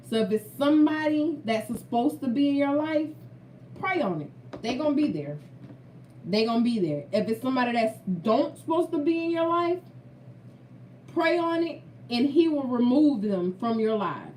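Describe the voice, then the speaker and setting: A woman's voice: a little high, a little mellow, far from the mic, slight background noise. Woman vlogger, earnest faith testimony, repeats for emphasis; recorded a bit away from the mic in a roomy space. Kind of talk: heartfelt faith talk to viewers.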